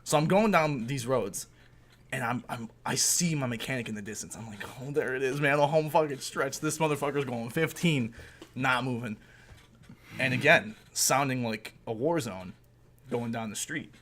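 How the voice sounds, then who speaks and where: Bright-voiced young man telling a story. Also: mid-range voice, normal speed. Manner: animated, profane, laughs mid-story. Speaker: podcast co-host. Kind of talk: casual storytelling chat. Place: indoor recording room.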